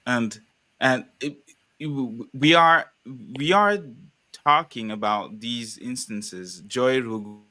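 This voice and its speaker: A young man from the Congo, speaking as a panelist in a live conversation, talking in an animated, rambling way with many restarts. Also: medium pitch, takes it slowly.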